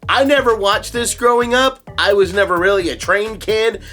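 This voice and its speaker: A man's voice: sits high, moderate pace, sharp tone, soft background music. A young adult man, a voice actor, hosting a casual video in an enthusiastic, self-mocking way. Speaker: voice actor and YouTube host. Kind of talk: casual vlog narration.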